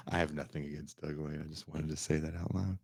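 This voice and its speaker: A man hosting a podcast, delivering a loud, profane comedic rant that swings into shouting. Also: a bass voice, fairly even intonation, a little fast, gravelly, husky, dry recording. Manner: loud, swearing, swings into shouting and mock voices. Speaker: podcast host.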